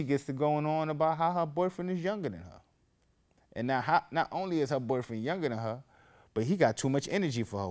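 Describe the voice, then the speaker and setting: This man's voice is fairly high and a little fast as he hosts his own show. In a rambling, casual storytelling monologue he strays onto tangents and grows animated, getting louder when quoting people.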